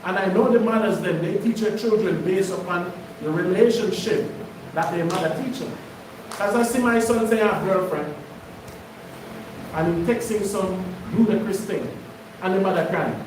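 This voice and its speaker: A man's voice: sits high, moderate pace, noisy background. A man from Jamaica, preaching a sermon in a casual, storytelling way. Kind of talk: sermon teaching. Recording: echoey room, voice from far off.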